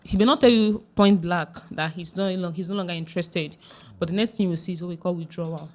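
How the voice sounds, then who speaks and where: A woman relationship coach talks through her advice in a podcast interview, earnest and emphatic. Her voice sits a little low, and she repeats her key points for weight. She drops to a hushed tone when she quotes other people. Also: fast talker.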